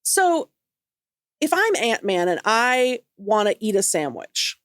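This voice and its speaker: A woman co-hosting a chat podcast, asking playful, quizzical questions with deadpan asides. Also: medium pitch, slow, no room sound, studio quality. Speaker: podcast co-host. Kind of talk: casual chat.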